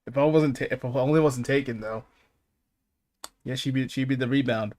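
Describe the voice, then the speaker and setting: At a moderate pace and with a darkish tone, a male streamer talks casually on his podcast in a mid-pitched voice. His talk wanders, broken by frequent laughter, free cursing, and stumbling restarts.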